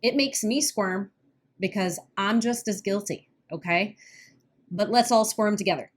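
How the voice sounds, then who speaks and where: A woman co-hosting a podcast as a weight-loss coach, talking earnestly in casual chat and often laughing nervously. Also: medium pitch. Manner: earnest, laughs when uneasy, quick bursts.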